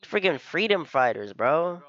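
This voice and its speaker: A young man reacts to an anime episode in loose, slangy chatter, laughing often and tossing in "bro" at every turn. His voice sits somewhat high for a man. The recording sounds dull and lo-fi, like a basic home setup. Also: very animated, a little slow, fairly bright tone. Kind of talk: casual reaction commentary.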